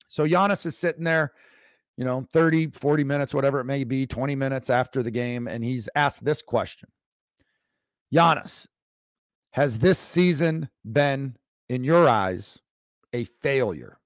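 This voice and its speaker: Guy hosting a coaching podcast, rambly and emphatic, pitch jumps up a lot when he pushes a point, dry close mic. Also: dry recording. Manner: rambling, emphatic storytelling with restarts. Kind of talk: solo podcast monologue.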